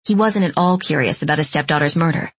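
A woman narrating an audiobook in an even, measured storytelling voice. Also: low voice, slightly rough, no room sound. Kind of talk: scripted narration.

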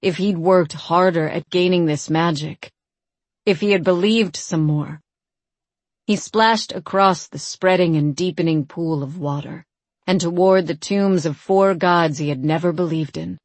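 A woman narrates a fantasy audiobook at a slow, deliberate pace. Her voice sits a little low, and the recording is close and dry with no room sound. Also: a little mellow, dry recording. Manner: measured, unhurried storytelling.

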